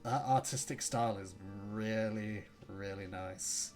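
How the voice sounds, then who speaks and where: A woman's voice: rumbling low, measured pace, a little mellow, soft background music. A woman casually commenting on a game as she plays, chatty and jokey and reacting aloud to what happens on screen. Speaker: let's play gamer.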